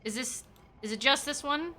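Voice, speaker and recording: A woman's voice: sits high, moderate pace, sharp tone. A young adult woman streaming a game live, chatting casually, swearing freely and yelping when startled. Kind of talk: casual chat while gaming live.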